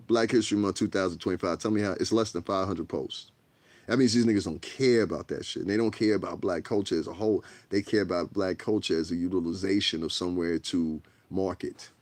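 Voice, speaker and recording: Blunt, profane low-voiced man on a livestream. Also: no room sound. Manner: blunt, profane, streetwise, repeats "you know what I'm saying". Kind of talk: casual livestream rant.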